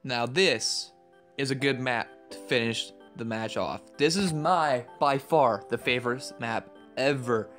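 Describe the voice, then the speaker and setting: A young man giving excitable commentary over a game he is playing, trash-talking opponents. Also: mid-range voice, measured pace, faint music behind. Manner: excitable, yelps and trash-talks. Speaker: gaming YouTuber.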